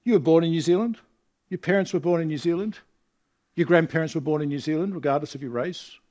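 A man's voice: fairly high pitch, darkish tone. A middle-aged man from Australia preaching a sermon in a chatty way, asking his congregation rhetorical questions. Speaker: visiting preacher. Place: church congregation.

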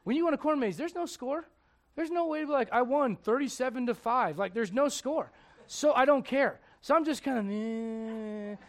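A pastor with a strikingly high voice who preaches in a conversational, joking way. He swings between hushed, intimate lines and loud, emphatic ones. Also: expressive, fairly quick. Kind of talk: storytelling sermon.

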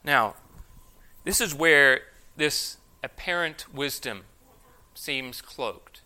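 A man's voice: fairly high pitch, drawn-out words, sharp tone, clean tone. A man preaching an expository sermon, reading scripture aloud with emphasis and then explaining it. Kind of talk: sermon, expository Bible teaching.

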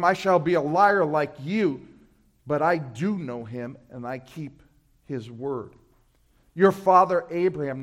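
A male pastor from Brooklyn with a New York accent, preaching a sermon, swinging between loud emphatic scripture readings and low quiet asides.

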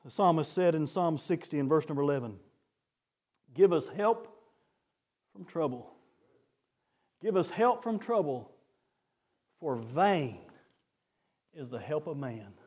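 Preacher man, high-pitched, swings between low talk and fervent shouting. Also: expressive, unhurried, long pauses. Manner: rising to fervent shouts, then dropping low. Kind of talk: sermon.

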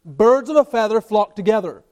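High-voiced man preaching an emphatic sermon. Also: animated, normal speed, a little mellow. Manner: emphatic preaching with rising and falling intensity. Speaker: pastor. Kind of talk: expository sermon. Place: church.

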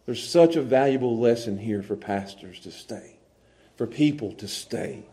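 A man's voice: mid-range voice, animated, moderate pace, warm tone. A man preaching a sermon as pastor, emphatic and repeating words as he pleads.

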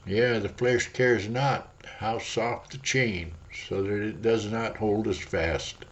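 Male preacher, slow dramatic sermon, muffled lo-fi audio. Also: lowish voice, fairly even intonation. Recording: dull lo-fi audio.

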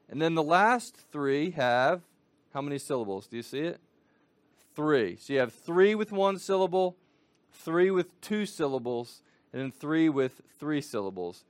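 A man teaching a catechism lesson to families, explaining patiently and slowing down for the children. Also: fairly high pitch, expressive, dry recording.

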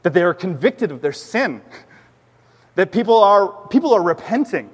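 A man's voice: high voice, sing-song, moderate pace, slightly rough. A man, a pastor preaching a sermon in a church, earnest and emphatic with frequent restarts. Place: church sanctuary. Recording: long hall reverb.

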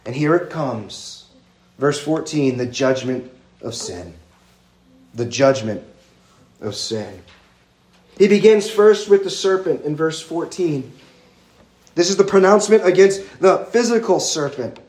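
A man's voice: on the high side, expressive, measured pace, darkish tone, reverberant. A male pastor preaching an expository sermon in an earnest, emphatic way, stacking lists of words one after another.

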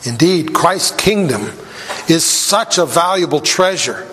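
A man preaching a sermon in a high, measured voice that takes its time over every phrase. He grows emphatic, and his voice lifts when he reads scripture aloud. The sound rings with a long hall reverb. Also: lively intonation, fairly bright tone, a little hiss or hum. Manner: deliberate, emphatic with rising intensity on quoted scripture.

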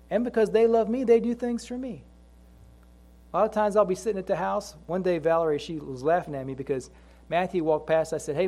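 A middle-aged pastor preaches to his congregation, blending chatty family anecdotes with slow, emphatic, repeated scripture lines. His voice sits high and sounds mellow.

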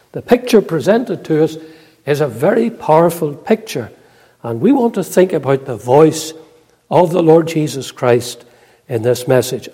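A man preaching a sermon, reading scripture in a measured, solemn way, then expounding with frequent "uh" fillers. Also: a little high, dark tone, slightly rough, long reverb tail.

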